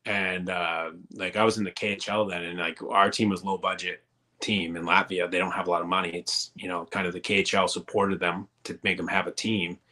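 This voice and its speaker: A man's voice: low-pitched, little pitch movement, brisk, bright, forceful tone. A man in his thirties, a former pro hockey player, telling rambling, profane stories in a casual interview. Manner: rambling and profane, many fillers.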